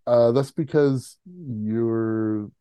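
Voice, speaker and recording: A man co-hosting a casual podcast, his voice dark and mellow. He rambles with plenty of fillers and drops into quick impressions of characters. The sound is close and dry. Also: mid-range voice, clean tone, no room sound. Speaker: podcast co-host.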